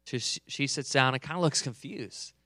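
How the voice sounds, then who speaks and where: A man's voice: mid-range voice, moderate pace, sharp tone, dry recording. A man in his thirties preaching a sermon, telling a personal story in a joking, conversational way, a little under the weather. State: a bit under the weather, coughing. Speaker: pastor. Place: church hall, live service.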